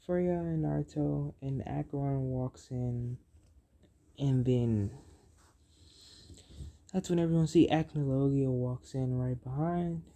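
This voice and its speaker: Halting improvised storyteller, very dark, unhurried delivery. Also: medium pitch. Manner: halting, many fillers and self-corrections. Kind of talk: improvised fan-fiction storytelling.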